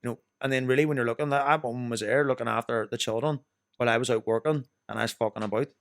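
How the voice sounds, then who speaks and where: A man's voice: mid-range voice, steady tone, very fast, creaky, no room sound, studio quality. A young Northern Irish man telling rambling, sweary stories as a podcast guest. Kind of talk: casual chat.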